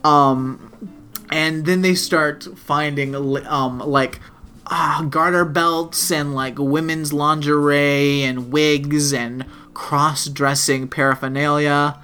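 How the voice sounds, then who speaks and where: A podcast co-host chatting casually, voice pitched in the middle range. The talk rambles on, crude and full of "like", while faint music plays behind. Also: steady tone, slow, sharp tone. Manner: rambling and profane, heavy use of "like". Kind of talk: casual chat, retelling a TV episode.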